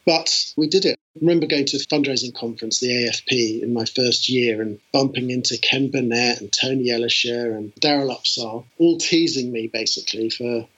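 A middle-aged British man telling stories about his fundraising career in an animated, enthusiastic way, with lots of fillers. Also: medium pitch, brisk, hardly any pauses. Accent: British English. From England. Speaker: interview guest, fundraiser. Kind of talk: conversational storytelling. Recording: dull lo-fi sound.

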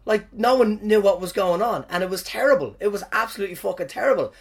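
A man's voice: sits high, fast, vocal fry, breathy edge. Irish man telling profane gig stories. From Ireland. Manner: animated, profane, self-mocking. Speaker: stand-up comedian, podcast host. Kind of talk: casual storytelling monologue.

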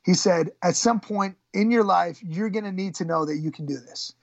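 A woman who coaches high school wrestling tells a story in an interview, halting and repeating words. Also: no room sound. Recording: dull, slightly lo-fi sound.

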